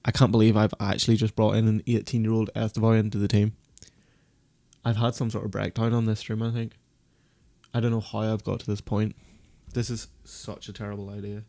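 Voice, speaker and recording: A man on a casual live stream, panicking and berating himself in a fast-swinging, swearing ramble. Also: fairly low pitch, level tone, gravelly, warm tone, no room sound. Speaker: fantasy football streamer.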